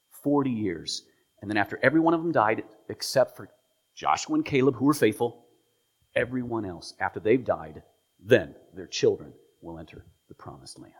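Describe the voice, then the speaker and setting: A man preaching a sermon as a pastor, retelling stories with lively emphasis, voicing the people in them and dropping at times to a whisper. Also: lowish voice, moderate pace, breathy edge. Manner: animated storytelling, voicing quoted figures, dropping to whispers.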